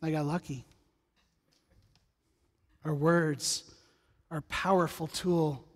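High-voiced pastor preaching in a reverberant church. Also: male voice, fairly even intonation, slow pace. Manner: conversational, humorous asides, storytelling. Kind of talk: sermon. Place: church sanctuary. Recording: church sanctuary with long reverb.

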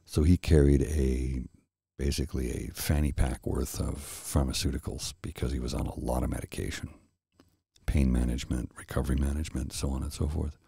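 A middle-aged man hosting a soft-spoken ASMR chat, telling a rambling story slowly and with restarts, close to the mic. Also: a bass voice, fairly even intonation, gravelly, husky, no room sound. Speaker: host.

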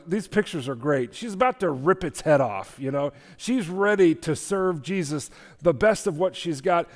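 A man preaching a sermon as pastor, earnest and repetitive, dropping his voice softly for key phrases. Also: on the high side. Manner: earnest, repeats key phrases, drops soft for quoted words. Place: church sanctuary. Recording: church hall with long reverb.

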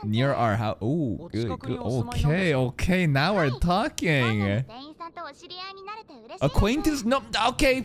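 A man reacting live to an anime episode, excitable and profane, talking back at the screen. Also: a little high, slow, a crowd in the background.

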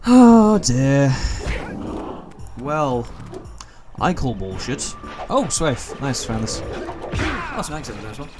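A man's voice: mid-range voice, huge pitch swings, unhurried. A young man giving casual, rambling, joking commentary while he plays a video game. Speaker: gameplay commentator. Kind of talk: casual let's play commentary. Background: game music.

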